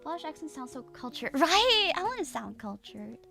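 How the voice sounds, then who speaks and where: A woman's voice: high voice, big pitch swings, brisk, gravelly, faint music behind. A young adult woman streamer chatting casually with her viewers, rambling and hesitant with many restarts and fillers.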